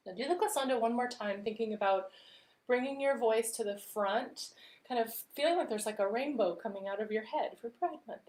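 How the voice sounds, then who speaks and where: A woman vocal coach leading a live-streamed warm-up with gentle, encouraging instructions. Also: a little high, brisk, roomy sound, poor audio.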